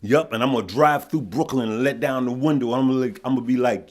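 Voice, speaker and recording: A man's voice: mid-range voice, steady tone, fast talker, a little mellow. A man from Chicago hosting a casual stock market livestream, chatty and repetitive, greeting viewers as he talks. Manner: chatty, repeats himself, greets viewers mid-thought.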